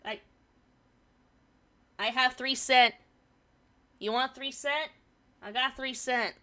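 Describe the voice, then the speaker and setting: A woman's voice: high-pitched, steady tone, takes it slowly, pushed and bright. A woman streamer reading a forum story aloud and chatting about it, swearing casually, her throat a bit irritated from pollen.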